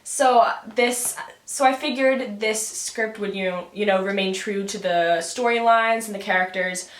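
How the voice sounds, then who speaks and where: A woman's voice: mid-range voice, unhurried. Young woman student rambling thru her puppet project, lots of ums, echoey room. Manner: chatty, many fillers, thinking aloud. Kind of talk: casual explanatory video. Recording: roomy echoing room.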